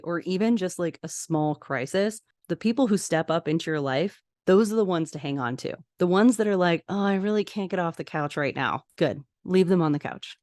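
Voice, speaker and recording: Woman podcast host, casual recap, low dry voice. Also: a little mellow, no echo. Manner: chatty, gushing asides.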